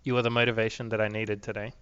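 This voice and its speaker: Young guy ranting into his camera, bright edgy voice, swears a ton, says like every other word, kinda muffled lo-fi audio. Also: fairly low pitch, flat delivery, rapid-fire, clean tone, no room sound. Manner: rambling, profane, many "like" fillers. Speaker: vlogger. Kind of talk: casual video diary rant.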